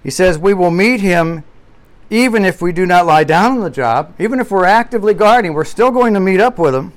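A man with a somewhat high voice preaches a sermon from a church pulpit. He pushes hard on key words, then drops to quiet asides. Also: expressive, a little fast. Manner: emphatic preaching with swings between loud and quiet. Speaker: pastor.

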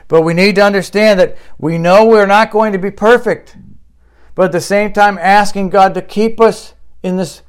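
A man's voice: steady tone, moderate pace, smooth. A male pastor delivering a sermon, emphatic and rising sharply on questions and quotes. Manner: closes in a quiet, low prayer.

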